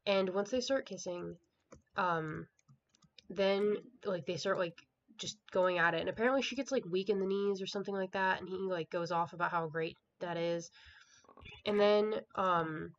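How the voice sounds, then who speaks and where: A woman reviewing a book in a casual vlog, recapping the plot in a rambling way with lots of filler words and an exasperated, dismissive tone. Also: mid-range voice. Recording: dull lo-fi home recording with faint hiss.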